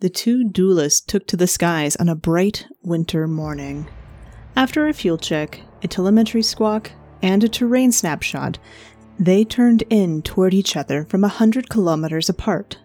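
A woman narrates a story in a measured, even manner. Her voice is low and mellow. Faint music plays under her.

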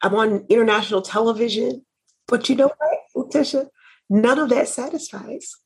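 Fervent woman minister on a faith talk show, husky tone. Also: fairly high pitch, steady tone, normal speed. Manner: fervent, preacherly, repeats phrases. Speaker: minister and network founder. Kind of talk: christian talk show conversation.

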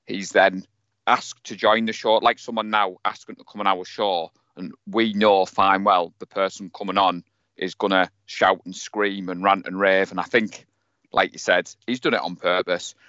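A man's voice: sits low, flat delivery, normal speed, sharp tone, clear, resonant tone, dry recording. Chatty Teesside man, dull dry sound. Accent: Teesside English. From North East England. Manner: chatty, joking, self-mocking. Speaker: podcast co-host. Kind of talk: casual sports chat.

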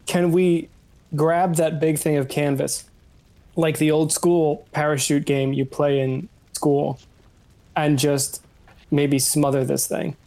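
A man playing a tabletop game, chatty and joking as he pitches plans. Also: level tone, slow pace, darkish tone. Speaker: player. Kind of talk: casual tabletop game talk.

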